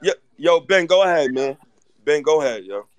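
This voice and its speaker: Loud teasing high-voiced man host. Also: animated, moderate pace, slight background noise. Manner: loud, teasing, trash-talking. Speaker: host of a fan audio chat room. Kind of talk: heated casual fan banter.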